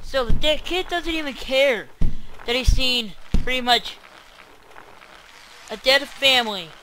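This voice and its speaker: A teenage boy giving let's-play commentary, groaning and shouting in frustration at the game. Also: very high voice, noisy background. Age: teens. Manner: exasperated, quick to groan and yell at the game. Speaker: gamer.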